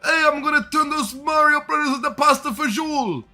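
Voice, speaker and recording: A man's voice: very high voice, fairly quick, voice pushed up, heavily acted. A man voicing a brash young male reptile henchman from a cartoon. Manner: brash, yelling.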